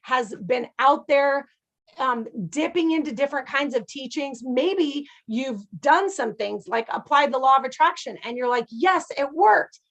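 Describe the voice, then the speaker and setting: A woman teaching a class in a chatty, animated way, retelling stories and checking in with her listeners often. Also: high-pitched, moderate pace. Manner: chatty, animated storytelling with frequent "right?". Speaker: abundance teacher. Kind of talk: casual teaching talk.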